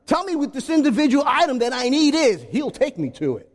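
Animated preacher man in an echoing hall. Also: extremely high pitch, a little fast. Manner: animated, rhetorical questions, acts out voices. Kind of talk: sermon.

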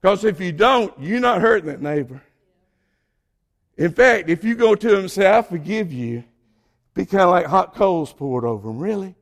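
An older man from Georgia with a Southern accent, preaching a sermon and swinging between quiet asides and loud exhortation. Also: high voice, animated, moderate pace. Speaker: pastor.

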